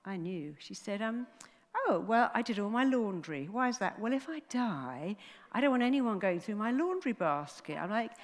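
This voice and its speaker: Woman motivational speaker, lively storyteller, mid-pitched, long hall reverb. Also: moderate pace. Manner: animated storyteller, acts out voices. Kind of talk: motivational talk on stage.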